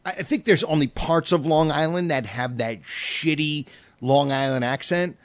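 A man hosting a podcast in casual chat, excitable and swearing freely. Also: on the high side, normal speed, no echo. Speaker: podcast host.

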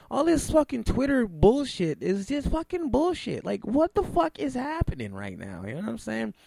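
A man's voice: very high voice, wildly swooping pitch, moderate pace, gravelly, dark tone, no room sound. A man hosting an internet radio show, ranting at length in a heated, profane, emphatic way. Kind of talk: ranting talk radio monologue.

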